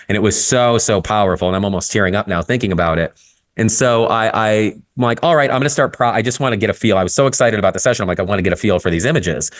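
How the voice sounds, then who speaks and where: A man talking candidly in a casual podcast conversation, telling stories with frequent swearing and lively shifts in tone. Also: on the low side, very fast. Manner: candid, profane, storytelling, lively. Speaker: guest photographer.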